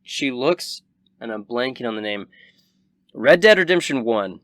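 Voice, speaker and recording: A young man in the role of game master, narrating a tabletop game in a vivid, relaxed way. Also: medium pitch, a little slow, no echo.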